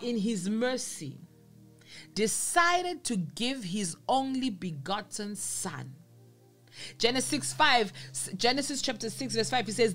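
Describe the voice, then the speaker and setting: A woman preaching with an earnest, insistent delivery. She keeps coming back to the same phrases to drive her point home. Her voice sits a little high, and faint music plays beneath her. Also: sing-song, takes it slowly, a bit bright. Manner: earnest, repeats phrases for emphasis. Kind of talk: sermon.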